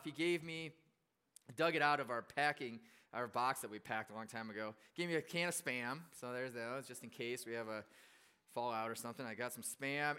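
A male pastor gives a casual storytelling sermon in a chatty, self-deprecating style, with frequent fillers and restarts. His voice is mid-range, smooth, and sharp in tone.

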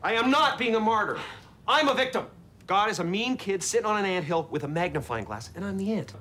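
A man's voice: sits high, expressive, brisk, sharp tone, a little hiss or hum. An actor playing a bitter, self-pitying man who rants sarcastically against God, over a film score. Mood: ranting. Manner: sarcastic, ranting, theatrical.

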